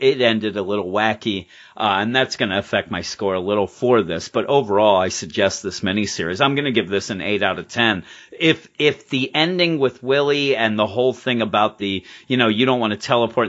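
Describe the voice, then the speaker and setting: A man co-hosting a comics podcast in casual chat, lively and acting out quotes as he retells scenes. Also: lowish voice, normal speed. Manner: animated, acts out quotes in brief put-on voices. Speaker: podcast co-host reviewing comics. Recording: slightly dull lo-fi podcast audio.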